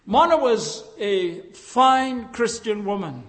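Slow older preacher in a reverberant hall. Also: male voice, high-pitched, animated. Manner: slow, reflective preaching with emphatic rises and hushed drops. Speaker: pastor. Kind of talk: sermon.

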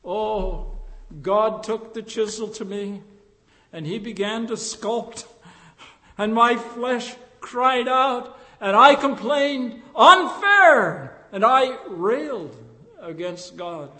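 An older man, a pastor, preaching a sermon in a slow, reflective way, with emphatic rises and hushed drops. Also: high-pitched, big-room sound.

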